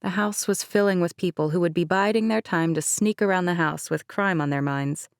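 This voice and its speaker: A woman reading an audiobook as narrator in a measured, even way. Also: fairly low pitch, clear, resonant tone, no echo, clean studio sound. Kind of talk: scripted narration.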